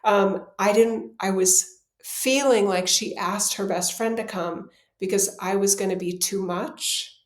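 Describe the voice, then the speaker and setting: Animated woman telling a story in a roomy space. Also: mid-range voice, a little slow. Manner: animated, laughs often, acts out quoted dialogue. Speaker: podcast co-host. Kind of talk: casual conversational storytelling. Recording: roomy echo.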